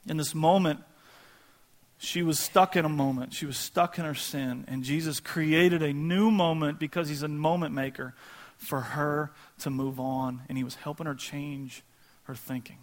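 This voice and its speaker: A pastor preaching a sermon in a casual, conversational way, acting out quoted voices. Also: male voice, fairly high pitch, steady tone, normal speed.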